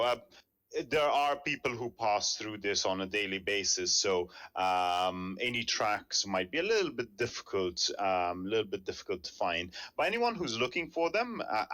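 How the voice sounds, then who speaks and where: A man running a tabletop game as game master on a live stream, relaxed and hesitant, with many ums. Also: lowish voice.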